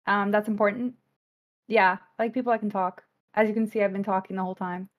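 A young woman contestant chatting on a video call, talkative and rambling, excitable. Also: mid-range voice, fast talker, phone-quality sound. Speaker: dating show contestant. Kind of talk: casual livestream chat. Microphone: video call microphone.

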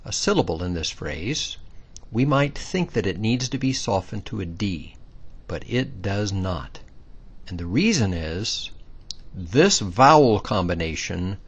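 Husky low-voiced man teaching pronunciation. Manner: patient, methodical, stresses key words. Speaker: language teacher. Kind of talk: explanatory lesson.

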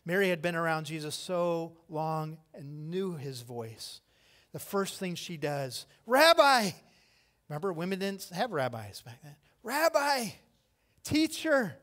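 A middle-aged man preaching a sermon as pastor, telling the story with animated delivery and acting out the voices of the people in it. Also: fairly high pitch, normal speed.

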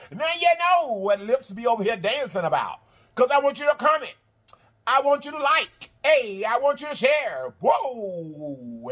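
A man's voice: sits high, fairly bright tone. A man with a Southern American accent chatting casually to his viewers, half talking and half singing in a drawling, repetitive way. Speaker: mukbang channel host. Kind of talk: casual vlog chat to viewers.

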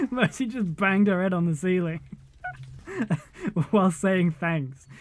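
A man's voice: sits high, huge pitch swings, slow, pauses often. A man giving live, jokey commentary while he plays a video game, exclaiming and laughing often. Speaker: game streamer.

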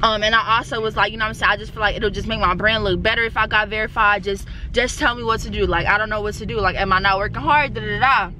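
A young woman vlogging in a casual, excitable way, repeating herself for emphasis. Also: medium pitch, quick pace, few pauses. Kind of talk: casual vlog talk. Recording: noisy background.

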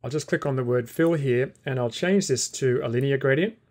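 Calm man explaining software steps. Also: medium pitch, fairly quick. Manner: calm step-by-step explaining while clicking. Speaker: software tutorial instructor. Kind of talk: screen-recorded software tutorial.

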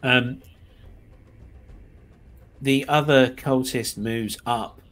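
A man narrating as game master, halting often with ums and small self-corrections, and sometimes laughing as he describes the scene. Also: medium pitch, fairly even intonation, a bit bright.

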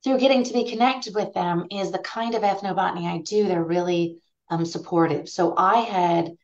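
A woman's voice: on the low side, normal speed, a little mellow. A woman guest in a podcast interview who tells anecdotes animatedly and acts out the voices in them. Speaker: guest ethnobotanist. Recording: dull lo-fi sound.

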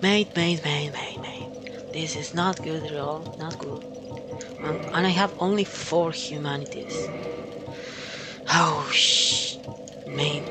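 A gamer talks through a play session in unhurried, drawn-out commentary, reacting aloud, cursing and tossing in "mate" often. Loud game music plays behind the voice the whole time. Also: medium pitch, fairly even intonation. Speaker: gameplay commentator. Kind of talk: casual let's-play commentary.

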